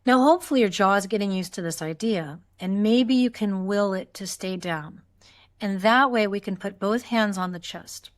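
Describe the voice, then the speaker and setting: Woman voice coach doing a guided warmup, calm and encouraging, middle-pitched voice, shows the sighs and yawns herself. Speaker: voice teacher. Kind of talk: guided vocal exercise instruction.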